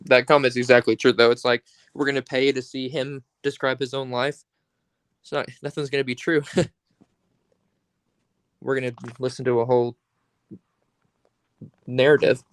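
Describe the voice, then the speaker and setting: A man's voice: medium pitch, little pitch movement, clear, resonant tone, no echo. Earnest man in casual chat. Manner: earnest, opinionated, loose with pauses and fillers.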